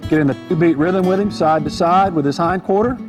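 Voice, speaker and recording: A man's voice: high-pitched, brisk. Folksy man teaching riding over guitar music. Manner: easygoing, folksy, repeats key points. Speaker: horse trainer. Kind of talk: instructional riding demonstration. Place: outdoor arena on horseback. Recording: music playing behind.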